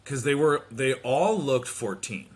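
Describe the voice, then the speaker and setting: A man hosting a podcast, telling a comedic story in a casual, animated way, swearing and slipping into quick impressions of people. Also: medium pitch. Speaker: podcast host. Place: home.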